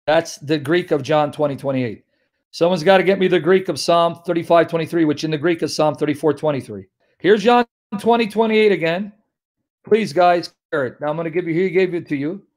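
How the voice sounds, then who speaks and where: A man's voice: fairly high pitch, a little mellow. Emphatic man teaching scripture live. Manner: emphatic, repeats verses slowly, addresses audience as guys. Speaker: Christian apologist teaching scripture. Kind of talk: live online Bible teaching.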